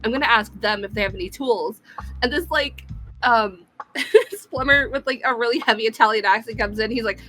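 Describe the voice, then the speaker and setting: A woman's voice: on the high side, a little fast, pushed and bright, a little hiss or hum. A woman co-hosting a casual gaming podcast, telling a story with frequent laughs, fillers and swearing. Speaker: podcast co-host. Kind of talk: casual chat.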